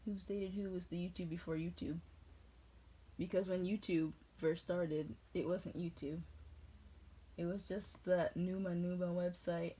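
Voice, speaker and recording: A woman's voice: fairly low pitch, steady tone, unhurried, warm tone, husky, low-quality recording. A woman from New England rambling through tangents in a casual chat. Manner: rambling, jumps between tangents.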